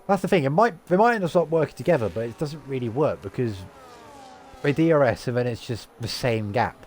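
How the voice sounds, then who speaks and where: A man from the UK commentating a live sim-race stream with a lively, swooping delivery. His voice sits at an ordinary middle pitch. A faint hiss of noise sits under the mic. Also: fairly quick. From United Kingdom. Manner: lively, chatty, reads out lap times. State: tired.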